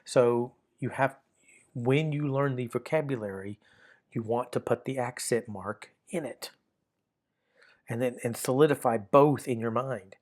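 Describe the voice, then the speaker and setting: A middle-aged man teaching a grammar lesson in a patient, repetitive way, often restarting his sentences and filling pauses with "uh". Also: medium pitch, darkish tone. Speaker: Greek teacher. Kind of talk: recorded lesson explaining grammar.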